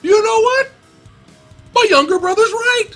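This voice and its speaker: A man's voice: very high voice, big pitch swings, moderate pace, pushed and bright, soft background music, pitched above the performer's own voice, heavily acted. A man voicing a middle-aged doctor who turns crude and eager, swearing emphatically. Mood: excited.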